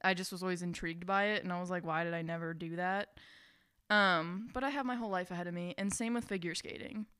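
Young woman, podcast co-host, bright voice, dry sound, relaxed and offhand. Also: fairly low pitch, fast talker, few pauses, clean tone, no room sound. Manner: relaxed, offhand, laughs easily. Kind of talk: casual chat.

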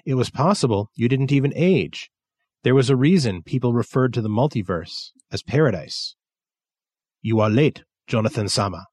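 Casting: male narrator, low voice, dry close sound, steady measured story reading. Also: no echo. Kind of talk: scripted narration.

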